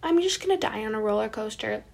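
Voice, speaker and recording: Female vlogger, dramatic self-mocking storyteller, slightly high voice with vocal fry. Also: lively intonation, fast, darkish tone. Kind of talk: personal storytelling.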